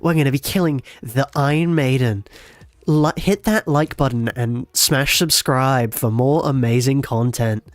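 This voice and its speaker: A man with a head cold putting on the voice of an overexcited video host, loud and exaggerated, hyping up his audience. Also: mid-range voice, measured pace, dry recording, close to an everyday voice. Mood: hyped. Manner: loud, exaggerated hype delivery.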